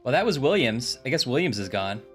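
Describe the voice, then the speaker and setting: Playful male streamer, expressive pitch, game music in background. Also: a little fast. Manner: joking, loose, playful asides. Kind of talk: casual chat while playing.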